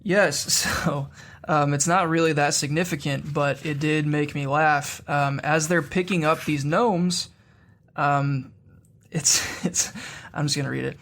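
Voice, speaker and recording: Gravelly giggly man on a podcast. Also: a little high, steady tone, measured pace, a bit bright. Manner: giggly, chatty, many fillers. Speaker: podcast co-host. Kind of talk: casual chat.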